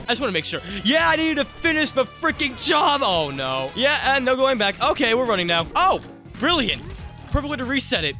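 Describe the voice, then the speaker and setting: A man's voice: sits high, pushed and bright. A man giving joking, jumpy let's play commentary, yelping and laughing as he plays, recorded on a close mic with game music behind. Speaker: gaming YouTuber.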